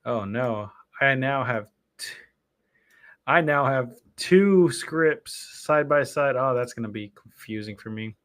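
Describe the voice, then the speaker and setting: A man's voice: medium pitch, slow, a bit bright. A man hosting a live stream, talking casually and rambling from one thing to the next as he sets up his show. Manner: rambling, chatty, self-interrupting. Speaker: streamer and podcast host.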